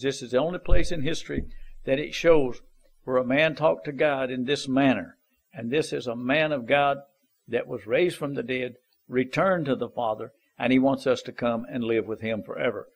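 A man's voice: mid-range voice, moderate pace, vocal fry, slightly rough. A man preaching an informal sermon, earnest and exhorting, repeating his points in folksy, plain grammar.

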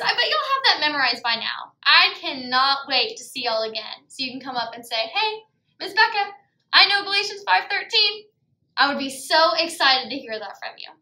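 A woman leads a children's Bible lesson in a bright, high, lively voice that swoops up and down. She talks in a sing-song way, gasping and exclaiming for preschoolers. The sound carries an echo from the room. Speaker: preschool teacher.

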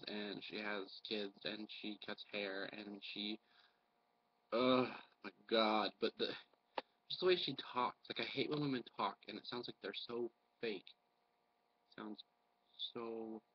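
A man's voice: lowish voice, breathy edge. Man vlogging while sick with a cold; blunt, profane, rambling rant; muffled lo-fi recording. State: has a cold. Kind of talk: casual ranting vlog.

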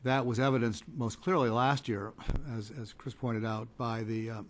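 A man giving conference panel remarks as a trade policy advocate, measured and hesitant with many fillers and restarts. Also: medium pitch, level tone, slight background noise.

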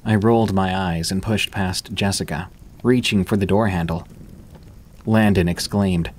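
A man with a low voice reads first-person horror stories aloud as scripted narration, keeping his delivery steady and measured.

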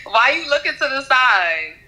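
A woman's voice: sits high, very animated, moderate pace, echoey room, a loud crowd. A woman from New York chatting with a stranger over video, giving short, skeptical replies. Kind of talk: casual chat.

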